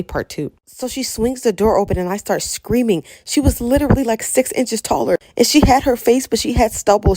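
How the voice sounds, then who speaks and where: A woman's voice: fairly low pitch, darkish tone, no room sound, clean studio sound. A young woman narrating first-person stories in a dramatic way, acting out other people's voices. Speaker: storyteller.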